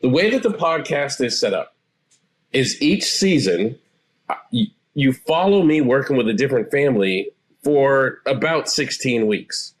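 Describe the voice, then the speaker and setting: A man in his forties, a therapist guest, explaining things in a calm, assured way. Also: medium pitch, measured pace. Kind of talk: interview answers.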